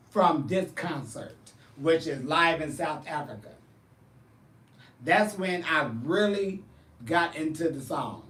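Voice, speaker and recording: A man who performs in drag and hosts shows, chatting casually with viewers and telling lively, profane stories. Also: fairly high pitch, roomy sound, far from the mic. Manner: animated, profane storytelling. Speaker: drag performer and show host. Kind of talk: casual chat answering viewers.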